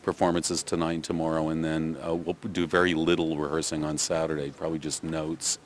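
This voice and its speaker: In a rumbling low, monotone voice, an older theatre director with a Canadian accent briskly answers press interview questions. His replies are thoughtful but full of fillers and restarts.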